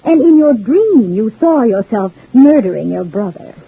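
A high, swooping voice that is husky and breathy, coming through a dull, old radio broadcast. A scheming, domineering wife speaks with cold scorn to a husband she controls. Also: big pitch swings, normal speed, full character voice. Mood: coaxing. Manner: scornful, coldly menacing. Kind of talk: old-time radio soap acting.

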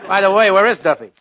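A male guest star in 1940s radio comedy banter, tossing back gruff comebacks. His voice sits fairly high. The old broadcast is dull and noisy.

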